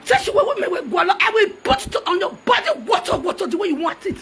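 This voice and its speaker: A Nigerian woman shouts a mocking, heated rant, hopping between languages. Her voice sits very high, with a sharp, gravelly edge. She taunts as she goes. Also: very animated, fast. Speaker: social media personality.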